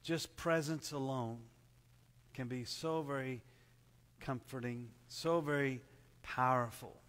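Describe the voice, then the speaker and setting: A man preaching a sermon in an earnest, measured way, dropping softly for emphasis. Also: in a large hall. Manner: earnest, measured, drops to soft low tones for emphasis. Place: church service at a camp.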